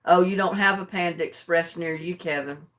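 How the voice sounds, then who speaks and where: An older woman chatting casually with her livestream viewers, drowsy and relaxed, homey and chuckling often. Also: fairly low pitch, normal speed. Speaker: livestream host. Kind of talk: casual chat with live viewers.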